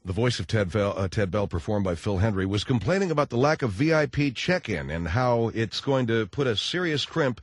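A man in low-key conversational tones introducing a radio segment as host. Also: animated, fairly quick, hardly any pauses, no room sound, clean studio sound.

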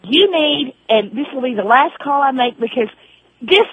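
Brief: high-voiced Southern woman on a cell phone, earnest and indignant. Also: lively intonation, normal speed, husky, narrow, tinny audio. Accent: Southern US drawl. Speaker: radio caller.

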